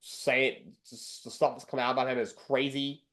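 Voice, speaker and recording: A man's voice: medium pitch, flat delivery, moderate pace, a bit bright. A man hosting a sports talk show alone, blunt and ranting, often repeating himself. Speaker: sports podcast host. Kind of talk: opinionated solo sports talk.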